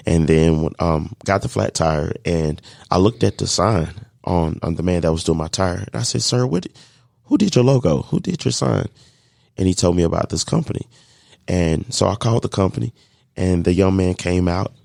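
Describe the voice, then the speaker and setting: A man telling a lively story of faith and business, acting out the voices of the people in it. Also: sits low, creaky, no echo, studio quality. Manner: animated storyteller acting out dialogue, faith-filled. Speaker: guest, catering business owner. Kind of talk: storytelling in a podcast interview.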